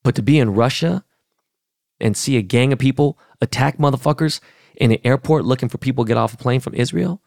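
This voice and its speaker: A middle-aged man from Los Angeles hosts his podcast in a blunt, heated, profane rant. His voice carries a gravelly fry at mid pitch. The sound is close and dry, with no room around it. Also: a little fast, a little mellow, no room sound. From Los Angeles, California. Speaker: podcast host. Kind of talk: casual rant.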